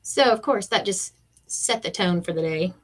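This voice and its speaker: A middle-aged woman with a medium-pitched voice chats casually at a moderate pace while crafting on a live stream. She's an animated storyteller who acts out quotes.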